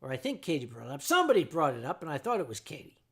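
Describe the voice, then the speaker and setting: A man hosting a livestream, telling a story to his chat in a sardonic, animated way and acting out his own shouting. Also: a little high, rapid-fire, creaky. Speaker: livestream host.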